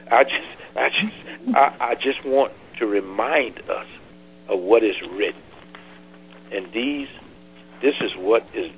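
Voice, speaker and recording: A man preaching a Bible study, drawing answers from listeners and rising from low teaching to loud cries. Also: slight background noise. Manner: repeats words and phrases. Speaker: pastor leading Bible study. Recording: tinny phone-line call.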